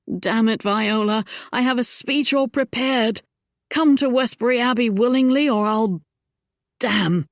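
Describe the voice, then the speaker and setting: A woman's voice: a little high, unhurried, no echo, studio quality, pitched above the performer's own voice. A woman voicing a charming, roguish young Regency duke in an audiobook, speaking wryly and then earnestly.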